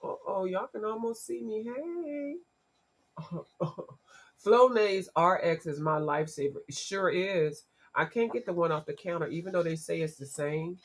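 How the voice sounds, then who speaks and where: A woman's voice: fairly low pitch, normal speed. A woman hosting a casual livestream, congested from allergies and chatting with her viewers by name. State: congested from allergies, voice gone deep. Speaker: livestream host.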